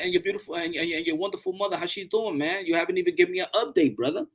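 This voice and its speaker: A man hosting a boxing channel, giving casual live-stream commentary, animated, often repeating words and swearing freely. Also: high voice, very fast, hardly any pauses.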